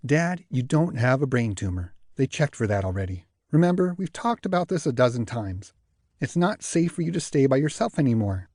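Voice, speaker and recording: A man's voice: mid-range voice, big pitch swings, darkish tone, dry recording, studio quality. Man voicing a patient, firm adult daughter. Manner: firm, reassuring, slow.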